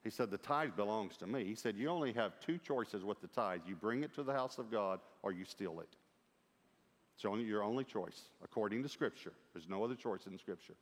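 A middle-aged man preaching a sermon, telling a lively story with quoted dialogue and humor. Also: fairly low pitch, a little fast. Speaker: pastor. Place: large church auditorium. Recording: long hall reverb.

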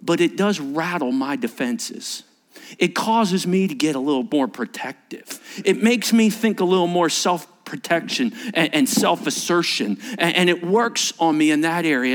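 A male pastor delivers a sermon to his church with a somewhat high voice. He preaches in an animated way, pushing hard on some points and dropping to a near whisper on others. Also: normal speed. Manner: animated preaching, swinging from emphatic to hushed and whispered. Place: church service.

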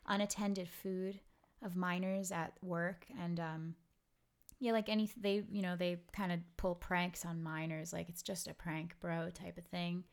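A woman's voice: lowish voice, fairly even intonation, unhurried, smooth. A woman from Brooklyn co-hosting a podcast in casual chat, rambling with lots of "like" and the odd curse word. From Brooklyn, New York. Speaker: podcast co-host.

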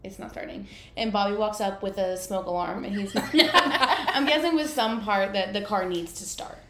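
A woman's voice: medium pitch, lively intonation, normal speed, fairly bright tone, roomy sound, a little hiss or hum. A woman co-hosting a podcast, casually recounting a scene and quoting the characters. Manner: easygoing storytelling, quoting characters. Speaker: podcast co-host. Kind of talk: casual chat.

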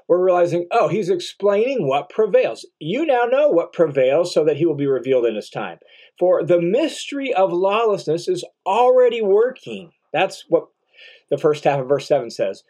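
Going verse by verse through a Bible passage, a middle-aged man teaches in a high, slightly mellow voice. He explains what words mean, repeats key phrases, and frequently checks in with "right?"

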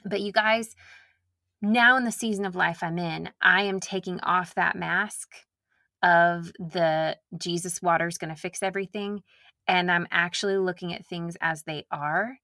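Bright-voiced candid woman from Nashville. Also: lowish voice, steady tone, a little slow, no room sound, clean studio sound. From Nashville, Tennessee. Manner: candid and earnest, addressing listeners directly; slips into mocking impressions of herself. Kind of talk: casual reflective monologue.

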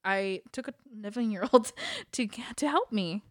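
A woman co-hosting a podcast, talking in an earnest, halting way and laughing often. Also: mid-range voice, very animated, no room sound, clean studio sound. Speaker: podcast co-host. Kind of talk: casual chat.

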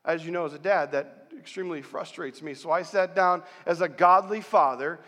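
Middle-aged male pastor, high voice, lively storyteller, preaching in a big echoing church hall. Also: moderate pace. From central New York, USA. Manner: animated storytelling, rallying the congregation. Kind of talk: sermon. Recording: long hall reverb.

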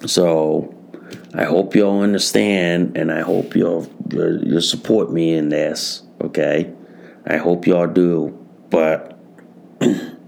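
A man's voice: sits low, slow, creaky, a little mellow. A man hosting a solo podcast, talking to his listeners as "guys" and repeating his phrases with lots of swearing. He sounds tired. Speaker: podcast host.

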